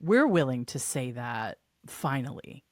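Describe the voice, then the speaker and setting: A woman's voice: a bass voice, sing-song, unhurried, no echo, studio quality. A woman in her fifties, a guest on a podcast, talking openly and enthusiastically in casual conversation. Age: 50s. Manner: open, enthusiastic, talkative. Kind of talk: casual chat.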